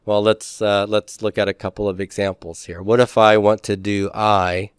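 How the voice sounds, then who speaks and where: A man teaching a classroom lecture in a relaxed way, with frequent fillers and restarts. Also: on the low side, normal speed, smooth, no echo, clean studio sound.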